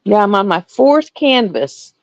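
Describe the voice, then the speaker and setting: A middle-aged woman chatting casually to viewers, animated and laughing often. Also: medium pitch, measured pace, dry recording, lo-fi sound. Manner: animated storytelling, laughs often, swings between voices. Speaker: live stream host.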